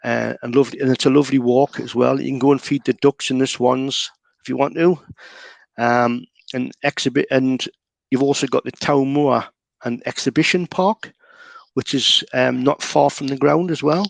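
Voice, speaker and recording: A man with a Geordie accent explaining local words and places in a relaxed, chatty way, with plenty of fillers. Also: mid-range voice, normal speed, creaky, dry recording. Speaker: local guide. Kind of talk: casual explanatory chat.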